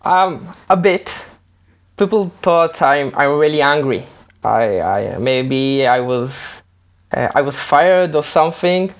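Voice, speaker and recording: A man's voice: a little high, expressive, takes it slowly. A man answering as a guest in an interview, hesitant and repeating words as he searches for phrasing. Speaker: guest, developer. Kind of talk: casual interview.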